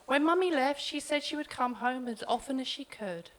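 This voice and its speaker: Woman reading a gentle poem aloud. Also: high-pitched, lively intonation, normal speed, poor audio. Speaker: poet. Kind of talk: poetry reading at a live event.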